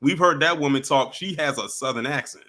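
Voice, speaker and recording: A man's voice: a little high, brisk. A man hosting a live stream, chatting casually and taking callers one by one. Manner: relaxed, chatty, laughs along with callers.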